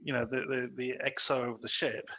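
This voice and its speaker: Male podcast co-host, bright husky voice, rambling film chat full of fillers. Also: medium pitch, flat delivery, moderate pace, low-quality recording. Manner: chatty, many fillers and restarts, acts out quoted lines. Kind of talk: casual film review chat.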